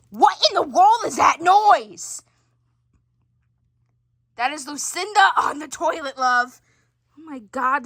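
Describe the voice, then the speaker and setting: Woman, high voice, animated pitch, switches character voices, homemade family role-play. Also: dry recording, studio quality. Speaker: storyteller voicing all characters.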